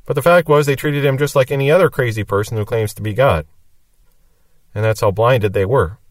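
A man's voice: mid-range voice, fairly quick, no room sound, recorded from a distance. A man teaching through a Bible passage verse by verse, reading each verse and then explaining it. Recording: dry sound from off the mic.

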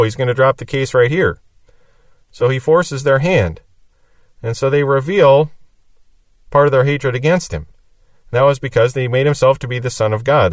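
A man's voice: medium pitch, no room sound, recorded from a distance. A man teaching through a Bible passage verse by verse, reading each verse and then explaining it. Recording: dry sound from off the mic.

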